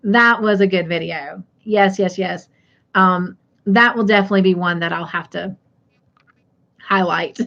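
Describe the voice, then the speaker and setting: A woman's voice: fairly low pitch, measured pace, vocal fry, pauses often, a bit bright, lo-fi sound. A middle-aged woman hosting a casual crafting live stream. She reads viewer comments aloud in a chatty way and laughs easily.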